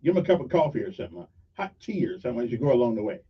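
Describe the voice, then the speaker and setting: A man's voice: medium pitch, very animated, very fast, breathy edge. A middle-aged man, hosting a casual morning radio show with folksy, rambling asides and jokes. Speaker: radio talk show host. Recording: dull sound from a distance.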